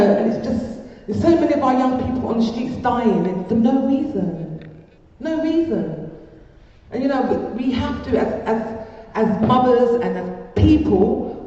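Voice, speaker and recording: A woman's voice: mid-range voice, mellow, slight background noise. An older woman giving a heartfelt, rambling personal testimony at a community event, often repeating her phrases. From England. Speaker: speaker at a community peace event. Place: large hall. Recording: echoey hall from far off, muffled.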